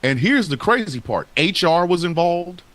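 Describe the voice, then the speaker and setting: A man's voice: sits high, very animated, moderate pace, a bit bright, dry recording. A man co-hosting a casual wrestling talk show, speaking in a heated, profane and emphatic way. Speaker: podcast co-host.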